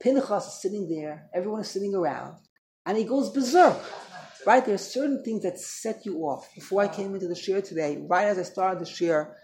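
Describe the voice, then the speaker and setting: A woman teaching a Torah class to a small group, switching into Hebrew and Yiddish terms, animated and acting out what people say, recorded on a tape recorder in the room. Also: mid-range voice, fairly quick, slight background noise. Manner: animated, acts out quoted speech.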